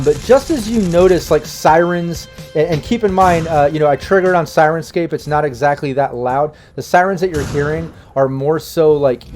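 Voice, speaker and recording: A man's voice: fairly high pitch, a little mellow. Man narrating as game master, rambling. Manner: rambling, many fillers and restarts.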